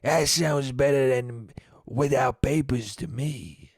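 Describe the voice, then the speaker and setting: A man voicing a creepy, lecherous old Italian man in a slow, leering drawl. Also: medium pitch, darkish tone, slightly rough, dry recording, studio quality.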